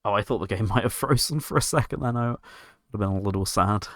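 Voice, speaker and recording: A man's voice: fairly low pitch, fast, no room sound. A man giving wry, chatty commentary while playing a video game, chuckling to himself now and then. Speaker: let's play host. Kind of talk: gameplay commentary. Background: loud game music.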